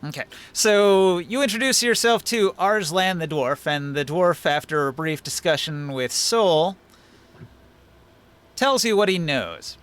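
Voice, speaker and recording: A man runs a tabletop game as game master and narrates scenes for his players. His voice is a bit high and swings widely in pitch. The delivery is lively and explanatory. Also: a little slow, clean tone. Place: home, streaming online.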